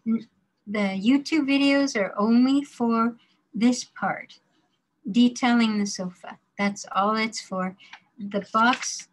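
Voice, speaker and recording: A woman teaching a drawing class, explaining slowly and carefully while she demonstrates, now and then murmuring to herself as she works. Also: mid-range voice, a little hiss or hum, poor audio. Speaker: design drawing instructor.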